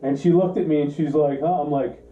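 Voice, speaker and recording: Man with a dark, mellow voice telling stories. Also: a little high, brisk. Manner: animated storyteller, acts out quotes. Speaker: podcast co-host, car shop owner. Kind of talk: casual chat, storytelling. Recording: roomy, slightly dull sound.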